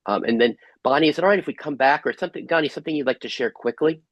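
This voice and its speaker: A man facilitating an online group workshop over a video call, gently asking soft reflective questions. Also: fairly high pitch, rapid-fire, no echo, poor audio.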